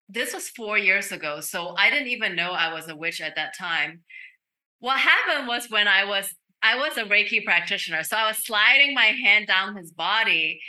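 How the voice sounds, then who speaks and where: A woman speaking as a podcast guest, a medical intuitive telling an earnest, animated story. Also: mid-range voice. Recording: roomy echo.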